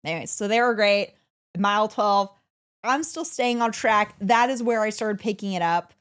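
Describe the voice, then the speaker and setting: A woman co-hosting a casual podcast, telling a story with excitement and laughing often. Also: medium pitch, normal speed, clean tone. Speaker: podcast co-host.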